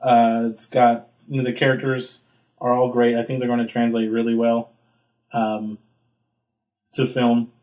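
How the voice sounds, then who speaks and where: A man's voice: completely flat delivery, unhurried, long pauses, darkish tone. A young man co-hosting a casual podcast chat, rambling with lots of fillers. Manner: rambling, filler-heavy, acts out quotes with big pitch jumps. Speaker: podcast co-host.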